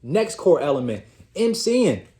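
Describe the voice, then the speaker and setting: A man's voice: on the high side, sing-song, unhurried, warm tone. A man hosting his own channel, giving a casual motivational talk straight to his audience, calling them y'all and repeating words as he finds his thoughts. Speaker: host of a self-improvement channel.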